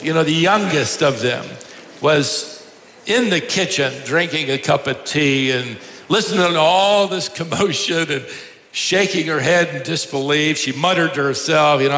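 Guy preaching, kinda high voice, laughs at his own jokes, roomy church sound with a bit of hiss. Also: moderate pace, pushed and bright. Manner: humorous storytelling with chuckles. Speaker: pastor. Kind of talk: sermon. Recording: echoey hall, faint noise.

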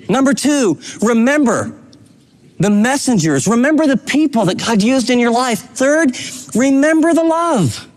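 A man with a notably high voice delivers a sermon from the pulpit. He reads scripture and urges his listeners on with emphatic, fatherly exhortation. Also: big pitch swings, unhurried. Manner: preaching with urgent emphasis. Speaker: pastor.

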